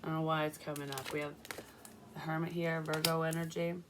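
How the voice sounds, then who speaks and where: A woman's voice: deep voice, little pitch movement, brisk, very noisy. A young woman doing a casual tarot reading, rambling through personal stories and swearing freely. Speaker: psychic tarot reader.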